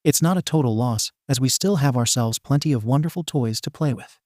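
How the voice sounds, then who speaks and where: A man's voice: mid-range voice, fairly quick, darkish tone, no echo, studio quality, natural voice. A man voicing a seductive, teasing female villain in a storybook reading. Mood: sultry. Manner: teasing, sultry.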